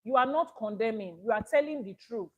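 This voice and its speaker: A woman's voice: on the high side, lively intonation, fairly quick, low-quality recording. A woman with a Nigerian accent, an Ifá priestess giving a spoken teaching broadcast, arguing through rhetorical questions.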